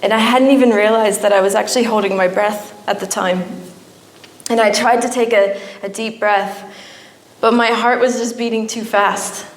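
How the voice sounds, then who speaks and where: A woman's voice: mid-range voice, fairly even intonation, moderate pace. A young woman giving an emotional personal testimony at a church, her storytelling rising at times into pleading. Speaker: church speaker. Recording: echoey church hall.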